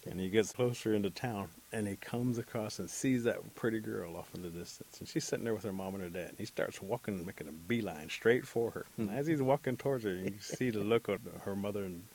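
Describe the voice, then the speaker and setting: Male storyteller for a folk tale: low, gravelly, easygoing. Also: fairly quick, hardly any pauses, a little hiss or hum, low-quality recording. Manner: relaxed, chuckling, acts out characters.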